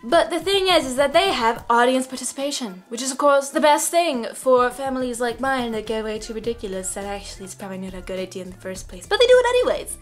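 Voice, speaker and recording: A young woman telling stories to camera in a casual vlog, animated and laughing, with sudden loud outbursts and hushed asides. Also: a little high, fast, hardly any pauses, soft background music. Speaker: vlogger.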